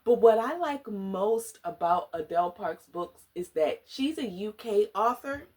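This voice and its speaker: A woman's voice: medium pitch, measured pace. Woman gushing about books on her vlog, slangy and dramatic, voice jumps all over the place. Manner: animated, slangy and dramatic, often laughing. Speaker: book vlogger. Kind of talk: casual book review vlog.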